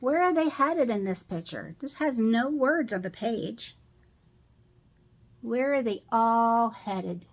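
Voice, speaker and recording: A middle-aged woman reading a picture book aloud to children, pausing to ask them questions about the pictures. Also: on the high side, expressive. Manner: slow, asks children questions.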